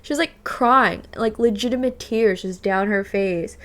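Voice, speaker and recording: A woman's voice: medium pitch, a little slow, a bit bright. A woman in her twenties chatting casually with her stream viewers, bubbly and full of "like", thanking subscribers by name. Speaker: livestreamer. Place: rented apartment.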